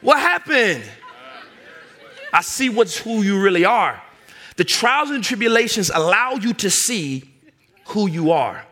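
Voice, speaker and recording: Bright-voiced, emphatic male preacher. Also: sits high, big pitch swings, unhurried, long pauses. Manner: emphatic, storytelling, conversational. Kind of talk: sermon.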